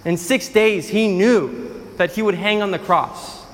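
High-pitched male preacher, emphatic storyteller who repeats lines for effect, long hall reverb. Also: measured pace. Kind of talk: sermon.

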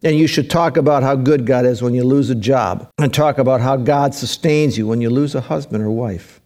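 A man's voice: mid-range voice, moderate pace, a little mellow. A middle-aged male pastor preaching a sermon, emphatic, with his voice swinging up and down for emphasis.

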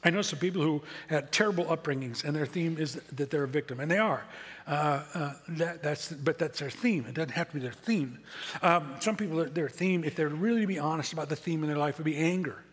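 A man's voice: a little high, brisk, slightly rough. A man preaching a sermon as a pastor, talking in a conversational, self-deprecating way and repeating key words for emphasis. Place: church sanctuary. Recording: echoey hall with long reverb.

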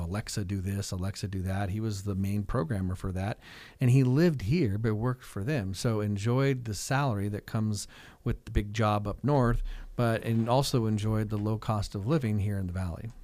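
A middle-aged man with a fairly low voice talks eagerly in a casual radio interview, dropping "like" and "right?" into nearly every thought. The sound is dry and close, with no room around it. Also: moderate pace, no echo. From Fresno, California. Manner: chatty, energetic, many fillers like "like" and "right?". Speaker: real estate agent and coach.

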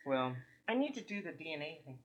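A woman's voice: low-pitched, big pitch swings, a little fast, lo-fi sound. A woman co-hosting a casual podcast, emotional and giggly, mostly giving short replies. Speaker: podcast co-host.

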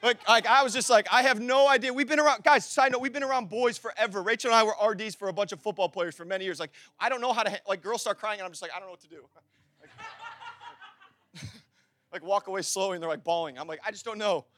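A man's voice: sits high, fast talker, pushed and bright. A young adult man preaching a sermon in a conversational way, acting out little dialogues and building to fervent exhortation. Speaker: pastor.

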